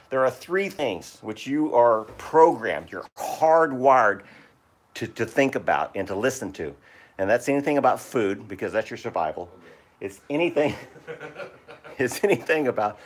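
A middle-aged man hosting a live stream, talking casually and bluntly, swearing and joking as he explains his boat work. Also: mid-range voice.

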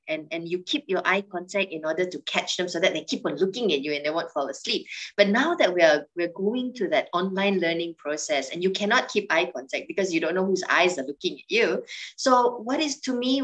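A middle-aged woman speaks as a panelist in an online discussion, talking in an expressive way. Her pitch and loudness rise and fall often as she stresses her points. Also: poor audio. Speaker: webinar panelist, alumna.

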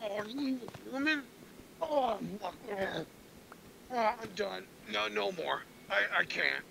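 A man's voice: high voice, slow pace, creaky, bright, forceful tone, a little hiss or hum, voice pushed up, exaggerated voice, rough recording. A man voicing a grotesque monster that groans and retches with theatrical disgust.

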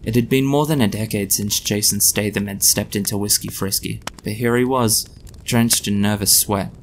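Gravelly man reading a story. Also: on the low side, steady tone, moderate pace, slight background noise. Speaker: author reading his story.

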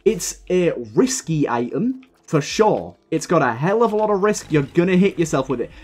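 A man's voice: on the high side, very animated, normal speed. Heated, sweary young man gaming. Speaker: gaming video creator. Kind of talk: live gameplay commentary.

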